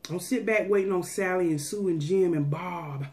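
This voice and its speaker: A woman's voice: lowish voice, normal speed, a little mellow. A woman food vlogger chatting casually to her viewers, folksy and preachy, giving them a pep talk.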